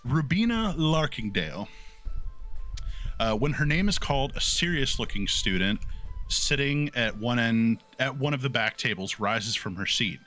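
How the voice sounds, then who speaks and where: A man narrating as game master of a tabletop game, playful and animated. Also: mid-range voice, normal speed, soft background music.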